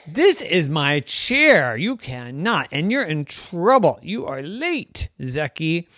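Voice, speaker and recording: A man's voice: fairly high pitch, very animated, slow pace, fairly bright tone, no room sound, exaggerated voice. A strict female school principal from a bedtime story scolds a late pupil in firm, clipped words, voiced by a man. The sound is close and dry. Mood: stern. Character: stern school principal woman.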